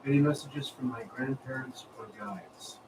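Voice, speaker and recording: A man's voice: medium pitch, fairly even intonation, moderate pace, noisy background. Distant man reading questions.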